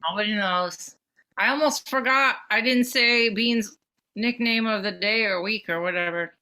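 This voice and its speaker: A woman's voice: medium pitch, normal speed, bright, forceful tone. A woman co-hosting a podcast in casual chat, blunt and playful, swearing casually. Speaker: podcast co-host.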